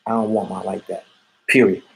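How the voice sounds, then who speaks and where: A man's voice: low voice, flat delivery, fairly quick, gravelly, heavy background noise. Guy ranting on a stream, blunt and repetitive, swears a lot. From Erie, Pennsylvania. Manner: blunt, repetitive, profane street talk. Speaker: vlogger reading viewer comments. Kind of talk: livestream rant reacting to comments.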